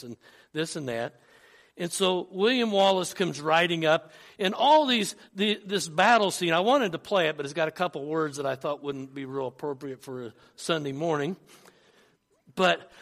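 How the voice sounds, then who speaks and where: A man's voice: fairly high pitch, a bit bright. A man preaching a Sunday sermon, retelling a film speech with frequent restarts and rising fervor. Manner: storytelling with repeated restarts, rising to fervor when quoting. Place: church.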